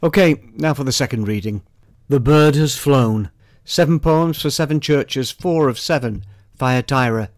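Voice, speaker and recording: A man reading scripture and his own poem in a measured, dramatic way, with a few plain spoken notes in between. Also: medium pitch, dry recording, studio quality. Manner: measured, dramatic recitation with dropped, hushed asides. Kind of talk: poetry and scripture reading with commentary.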